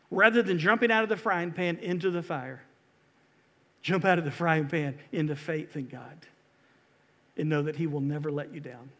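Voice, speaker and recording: A man preaching a sermon as pastor, impassioned, swinging from loud rousing calls to quiet earnest pleas. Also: fairly high pitch, big-room sound. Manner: impassioned, rising to loud exhortation and dropping to hushed pleas.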